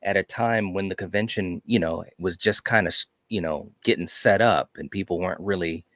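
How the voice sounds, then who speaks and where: Man, very low voice, casual chat, enthusiastic, many fillers, dry recording. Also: moderate pace, fairly bright tone, dry recording. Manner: enthusiastic storytelling, frequent "you know". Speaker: podcast co-host.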